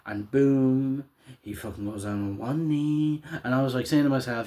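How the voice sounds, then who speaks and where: A young man, casually recapping a show in a rambling, excitable way with a lot of swearing and laughter. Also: medium pitch, normal speed, slight background noise.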